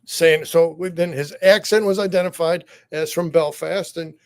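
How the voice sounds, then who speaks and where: A man co-hosting a live review show, talking excitedly in rambling tangents with frequent laughs. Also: a little high, normal speed. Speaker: podcast co-host. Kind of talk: enthusiastic review chat.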